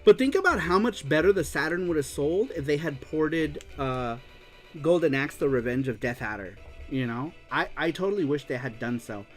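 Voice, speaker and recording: A man hosting a casual livestream show, excitedly reading viewer comments aloud and laughing often. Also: a little high, normal speed, soft background music. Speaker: show host.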